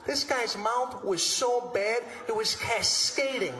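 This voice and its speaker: A man doing a stand-up routine on stage, telling stories in an animated, exasperated way with acted-out asides. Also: very high-pitched, slow. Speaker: stand-up comedian. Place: comedy stage before a live audience. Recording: roomy venue with live audience and noise.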